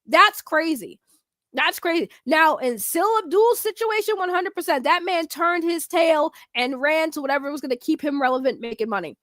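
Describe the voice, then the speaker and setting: A woman doing casual YouTube commentary, animated and profane, laughing in disbelief. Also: sits high, normal speed, no echo, clean studio sound.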